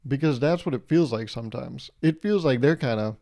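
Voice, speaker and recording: A man's voice: mid-range voice, expressive, brisk, mellow. A man in his twenties hosting a solo podcast, rambling and joking as he swears casually into his mic. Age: 20s. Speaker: podcast host. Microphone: podcast microphone.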